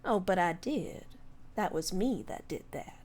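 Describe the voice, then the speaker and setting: A woman's voice: lowish voice, sing-song, a little slow, a little mellow. Woman playing a silky, teasing fey stranger. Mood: smooth. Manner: silky, teasing, calls people darling. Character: sly, charming male fey stranger. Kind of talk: tabletop game role-play.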